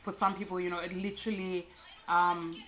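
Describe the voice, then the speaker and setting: A young woman telling a candid personal story as a podcast co-host, soft and halting with many fillers and restarts. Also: lowish voice, level tone.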